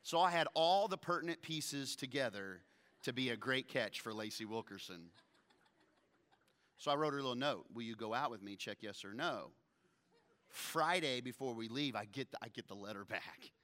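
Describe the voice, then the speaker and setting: Retelling a scripture story with humor, a male pastor in his thirties gives a sermon at medium pitch and a moderate pace. He tells it animatedly, voicing the characters' lines himself.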